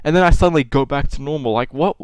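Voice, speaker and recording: Young guy, smooth and clear, dry close sound; casual reaction commentary, cussing and laughing at himself. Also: fairly high pitch, fast, no room sound, rough recording. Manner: self-mocking, swears freely, exasperated outbursts. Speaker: YouTuber reacting to his old videos.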